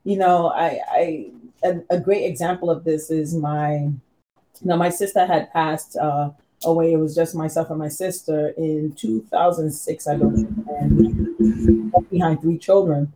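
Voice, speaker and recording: A woman chatting casually about faith, telling an animated family story and quoting her relatives. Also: deep voice, a little slow, low-quality recording.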